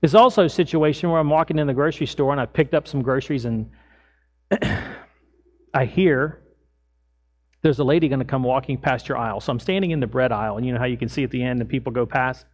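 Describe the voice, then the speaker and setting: A middle-aged man preaching as a pastor, telling everyday stories in a lively way and acting out his own lines. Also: medium pitch, fast talker, lo-fi sound. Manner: animated storytelling, acts out his own lines loudly. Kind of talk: sermon with personal stories.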